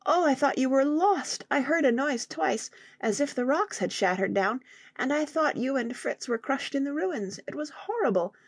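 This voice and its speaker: A woman voicing an excitable teenage boy in an audiobook, exclaiming and lively. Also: sits high, moderate pace, no room sound, voice pushed up. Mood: relieved.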